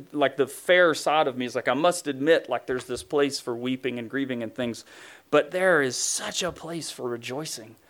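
A male pastor preaching in a loose, conversational way, full of "like" and "you know", who gets animated when he acts out what God says. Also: medium pitch. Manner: animated, acts out God's voice with rising emphasis. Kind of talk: sermon.

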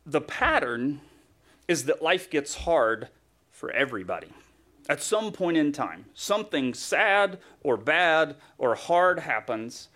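A man's voice: fairly high pitch, a bit bright. A male pastor preaching a sermon in a conversational, humorous way, acting out grumbling voices.

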